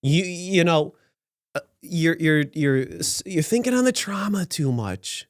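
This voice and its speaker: A man's voice: a little high, lively intonation, measured pace, no room sound, studio quality. A man hosting a podcast, giving sarcastic and rambling commentary on news stories with many restarts. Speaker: podcast host.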